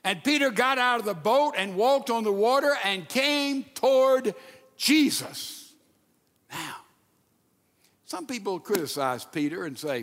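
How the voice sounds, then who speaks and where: A man preaching a sermon, acting out the quoted lines and sometimes dropping to a hushed voice. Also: high voice, a little slow. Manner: animated, acts out quotes, drops to hushed tones. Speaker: pastor. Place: church sanctuary. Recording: long reverb of a large hall.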